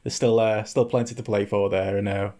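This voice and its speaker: A man's voice: fairly low pitch, level tone, fairly quick, warm tone. Laughing, easygoing podcast host man. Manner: laughs often, steers the chat. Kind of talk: casual chat.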